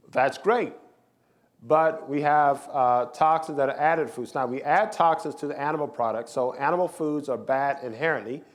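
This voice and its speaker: A male doctor delivering a symposium lecture. His voice sits at an ordinary middle pitch. He hammers his points home with repetition and rhetorical questions. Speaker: physician giving a lecture. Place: lecture hall with slides.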